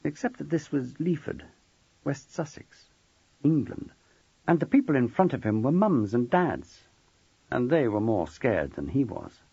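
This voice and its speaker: A man's voice: medium pitch, sing-song, unhurried, vocal fry, dark tone, slightly rough, no echo, lo-fi sound. A man narrating a novel as an audiobook, telling the story expressively. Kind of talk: scripted narration.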